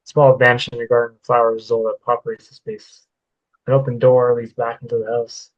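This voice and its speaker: A man reads his unfinished first-person story aloud like an author sharing a draft rather than giving polished narration, keeping his pitch flat and even. His plain delivery is a little fast and creaky, with occasional stumbles over words that he corrects. The recording sounds muffled.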